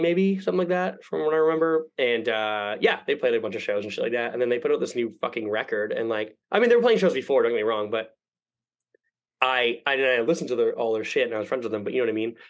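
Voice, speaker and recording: Young guy rattling off a story super fast, cursing a lot, doing everyone's lines. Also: medium pitch, poor audio. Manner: rambling, profane, animated quoting. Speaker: podcast guest. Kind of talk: casual storytelling.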